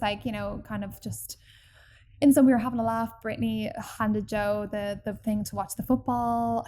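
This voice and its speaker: A woman telling a personal story in casual podcast chat, animated and full of fillers. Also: mid-range voice, slight background noise. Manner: chatty and animated, acts out quoted people, many fillers.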